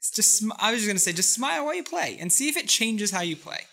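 A podcast co-host in casual chat, excitable and rambling, laughing often. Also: medium pitch, fast, vocal fry.

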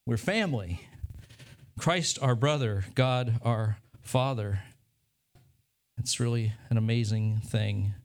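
A man delivers a sermon as pastor, earnest and measured at a middle pitch. He circles back on his phrases, repeating them for emphasis as he preaches.

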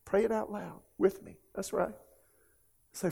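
A man's voice: sits high, fairly even intonation, unhurried, vocal fry, long pauses, mellow, breathy edge. A man, preaching a sermon as a pastor and pleading earnestly with his listeners in an emotional altar call.

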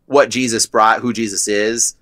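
A man's voice: lowish voice, flat delivery, moderate pace, a bit bright, dry recording. A young man telling his story as a guest in a casual chat, rambling and filling his talk with "like". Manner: rambling, heavy use of "like".

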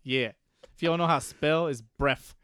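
A man's voice: a little high, normal speed, fairly bright tone, clear, resonant tone, no echo. A man co-hosting a podcast, bantering crudely and laughing often. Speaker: podcast co-host. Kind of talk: casual chat.

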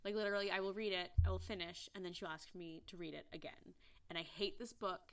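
A woman in her thirties chats away as podcast co-host. Her voice is bright and clear, her talk full of fillers and self-deprecating asides. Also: lowish voice, fairly even intonation, fast talker. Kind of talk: casual chat.

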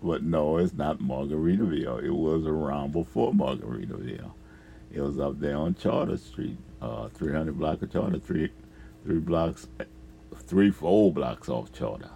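A man's voice: rumbling low, expressive, moderate pace, vocal fry, mellow, slight background noise. A man telling a rambling, profane story about past jobs, full of fillers and chuckles. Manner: profane, laughs often, trails off with fillers.

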